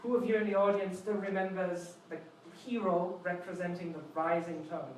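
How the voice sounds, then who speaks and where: A man with a high voice gives a live lecture, explaining through playful little stories and calling on the audience. He is picked up from far off in a very echoey university room, with faint background noise. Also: fairly even intonation, moderate pace. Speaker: seminar presenter.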